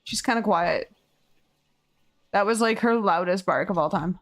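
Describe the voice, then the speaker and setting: A woman's voice: medium pitch, unhurried. A woman streaming a game, chatting casually with viewers and her pet.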